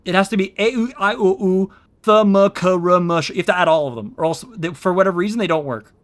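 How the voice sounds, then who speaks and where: Rambling man streaming, fairly high voice. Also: fast talker. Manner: rambling, explains with many fillers. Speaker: VTuber streamer. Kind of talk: casual stream chatter. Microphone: own streaming mic.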